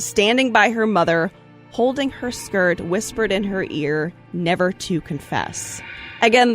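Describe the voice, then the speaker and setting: Woman narrating history, casual podcast. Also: lowish voice. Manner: reads trial history, animated asides and laughs. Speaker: storyteller host.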